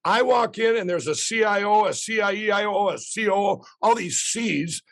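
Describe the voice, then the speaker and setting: A man, telling a rambling, excited story as a podcast guest. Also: high voice, normal speed, gravelly, dry recording.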